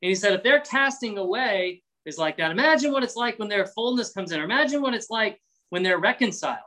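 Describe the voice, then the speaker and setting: A man's voice: sits high, lively intonation, quick pace, bright, forceful tone, low-quality recording. Conversational male preacher teaching scripture. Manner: conversational preaching with acted-out voices. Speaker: pastor. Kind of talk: expository sermon.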